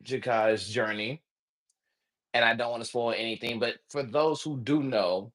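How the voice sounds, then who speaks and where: A man with a Southern accent hosting a live podcast interview, talking in an animated, enthusiastic way. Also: medium pitch, a little slow. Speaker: podcast host.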